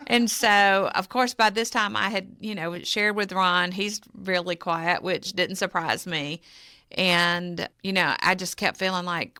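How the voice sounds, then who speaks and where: A woman's voice: mid-range voice, a little slow, clean tone, dry recording, studio quality. A woman, a charity co-founder, telling a personal story in a podcast interview and acting out the dialogue as she goes. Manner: animated storyteller, acts out quoted dialogue.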